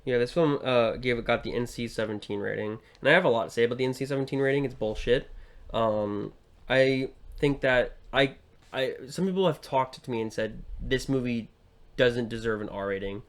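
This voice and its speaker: A man's voice: mid-range voice, brisk. A young man co-hosting a podcast, chatting casually about a film with many fillers and restarts. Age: young adult. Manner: rambling with frequent fillers and restarts. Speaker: podcast co-host.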